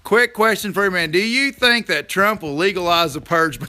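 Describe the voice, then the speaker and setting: A man hosting a casual livestream outdoors, reading viewer comments aloud, rambling and teasing with bursts of loud laughter. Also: sits high, lively intonation, moderate pace, few pauses. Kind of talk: casual live chat.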